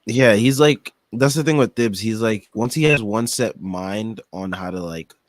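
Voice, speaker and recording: Young dude on a sports pod, really low voice, dry mic, keeps restarting sentences, annoyed. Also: male voice, no echo. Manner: indignant, halting, many fillers. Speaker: podcast co-host. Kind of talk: casual sports podcast chat.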